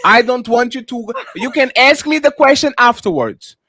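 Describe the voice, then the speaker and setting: A man with a fairly high voice hosts a heated panel debate on a dry, close mic. He talks with a lot of energy, repeats himself and presses the same questions hard. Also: moderate pace, no room sound. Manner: animated, repetitive, pressing questions. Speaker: host.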